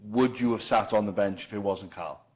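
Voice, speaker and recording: A man's voice: lowish voice, brisk, a little mellow, husky. A man, a podcast co-host asking questions in casual chat.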